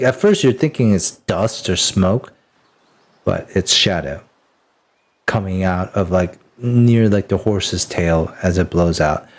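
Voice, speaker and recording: Male game master, low-ish voice, slow unhurried delivery, loose rambling narration full of ums and restarts.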